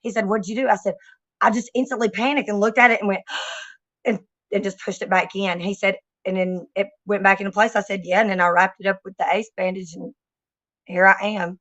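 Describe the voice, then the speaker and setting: A woman's voice: mid-range voice, steady tone, fast talker, a bit bright, no room sound. A woman joins a casual stream chat, reacting to stories and telling her own with blunt, salty language. Her voice sits mid-range and sounds a bit dull and muffled. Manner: chimes in with reactions, blunt swearing.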